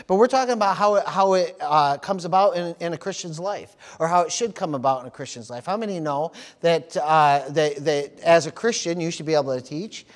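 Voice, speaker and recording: A man's voice: fairly high pitch, fairly quick, few pauses. Pastor peppering his sermon with amens. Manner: peppers talk with amen and hallelujah, repeats words. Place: church service.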